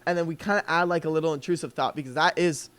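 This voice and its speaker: A young man talks through copywriting on a live call in a casual, thinking-aloud way. His voice sits a little high for a man, and he fills his talk with likes and ums. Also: fairly even intonation, quick pace, a bit bright, clean tone. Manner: loose and conversational, filler-heavy, thinking aloud. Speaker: copywriting coach.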